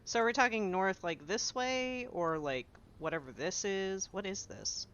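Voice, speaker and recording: A woman playing a tabletop game, talking in a lively way over a dull home mic. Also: mid-range voice, unhurried. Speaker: player. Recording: slightly dull lo-fi mic with faint noise.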